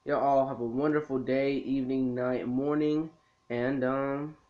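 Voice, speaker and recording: An anime review vlogger, unhurried and steady in a medium-pitched voice, casually recaps a cartoon episode for his video. His laid-back delivery rambles, with lots of ums and restarts. The recording is lo-fi and slightly muffled.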